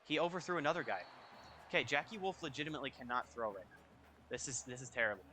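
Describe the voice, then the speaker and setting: A young man giving casual, excitable commentary over a football video game, reacting out loud to each play. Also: medium pitch, fast, slight background noise. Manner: excitable, reacting loudly to plays. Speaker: gaming YouTuber. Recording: faint music behind.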